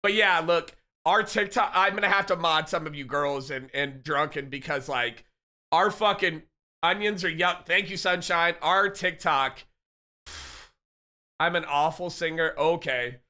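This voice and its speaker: A young man live-streaming, chatting casually and excitedly with his viewers and reading their messages aloud. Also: a little high, measured pace. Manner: hyped, laughing, reads chat aloud.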